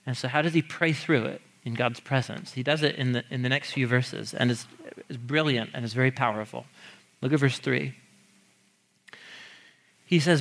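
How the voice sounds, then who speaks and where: A man with a mid-range voice teaches a sermon on the Psalms, conversational and animated, emphasizing key points and laughing now and then.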